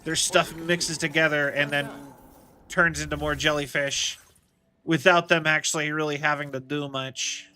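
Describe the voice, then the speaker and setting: A man with a fairly high, very bright and sharp-edged voice rambles through casual gaming commentary. He thinks out loud and strings his thoughts together with plenty of filler words. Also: little pitch movement, moderate pace. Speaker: game streamer.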